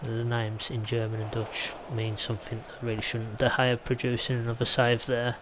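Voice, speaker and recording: A man's voice: medium pitch, monotone, moderate pace, a bit bright, a little hiss or hum, poor audio. A man from England chatting casually as he commentates his own football video game play, rambling into side remarks. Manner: chatty, rambling, mild asides. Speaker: gaming YouTuber.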